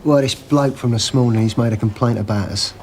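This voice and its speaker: An actor plays an easygoing young English police constable, speaking plainly at a medium pitch. A clear noise runs under the TV soundtrack. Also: male voice, brisk, lightly acted. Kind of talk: 1990s TV police drama acting.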